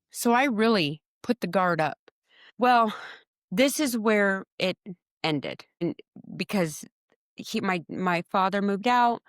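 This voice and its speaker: A podcast guest with a medium-pitched voice shares a personal story with emotion and animation, acting out her own quoted lines and often repeating or restarting them. The sound is clean studio quality with no room sound.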